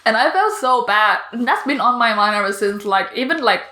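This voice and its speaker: A woman's voice: a little high, expressive, a little fast, bright, forceful tone. A woman, telling a personal story in a casual podcast chat, rambling with many fillers and laughter. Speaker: podcast co-host.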